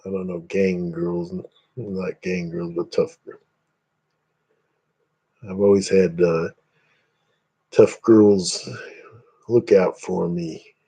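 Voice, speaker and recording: A man's voice: low-pitched, level tone, slow pace, gravelly, long pauses, mellow, husky. A man from Indiana hosting a casual livestream, rambling chattily and greeting viewers by name. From Northeast Indiana, USA. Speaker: livestream host.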